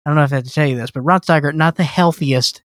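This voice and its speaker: A man's voice: on the high side, rapid-fire, no echo, studio quality. A man co-hosting a podcast in casual chat, laying out facts emphatically. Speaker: podcast co-host.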